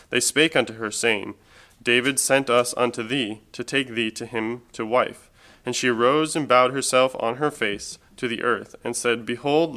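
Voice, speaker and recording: A man reading a long scripture passage aloud at a steady, measured pace. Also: mid-range voice. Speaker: scripture reader.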